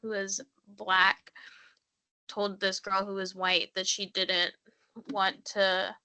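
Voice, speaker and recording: A woman co-hosts a chatty podcast, chiming in with easy agreement and telling her own story slowly. Her voice is sharp and bright, and she pauses often to find her words. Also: medium pitch, clean tone. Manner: relaxed, with short agreeing replies and hesitant "um"s. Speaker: podcast co-host. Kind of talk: casual chat.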